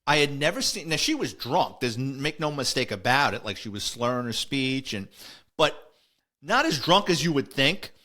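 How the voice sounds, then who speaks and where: A middle-aged man, a retired police officer, telling a story casually and acting out the dialogue in an animated way. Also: mid-range voice. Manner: animated, quotes dialogue, frequent restarts.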